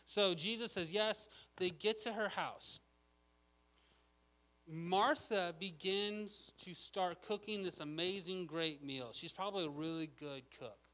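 Casual male preacher, a bit high, bright tone, conversational. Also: slow, poor audio. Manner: casual, chatty, lots of "okay?". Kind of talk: sermon.

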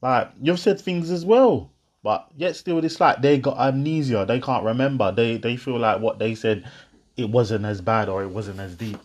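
A man's voice: medium pitch, moderate pace. A young man, talking casually to his viewers and telling a story with laughter, acting out both sides of an argument. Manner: animated storytelling, half-laughing, acts out both sides of a row.

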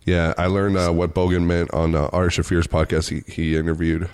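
A man's voice: sits low, little pitch movement, a little fast, darkish tone, clean tone. A man hosting a casual chat, reacting to videos and asking short, curious questions.

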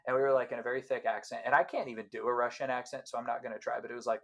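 A man in his late twenties chatting on a podcast, with a middle-pitched voice. He wanders through stories with restarts and laughs often. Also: fairly even intonation, rapid-fire, fairly bright tone, a little hiss or hum. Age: late 20s. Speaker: podcast co-host. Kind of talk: casual chat.

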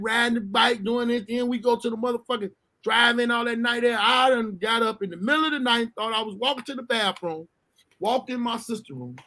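Animated high-voiced man telling a funny story. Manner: animated, laughs often, acts out voices, swears freely. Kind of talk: profane comic storytelling chat.

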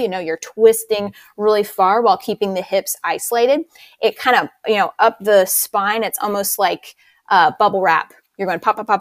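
A woman's voice: mid-range voice, no room sound. Dry-sounding enthusiastic woman instructor. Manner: enthusiastic, explanatory. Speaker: fitness instructor. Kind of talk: casual interview.

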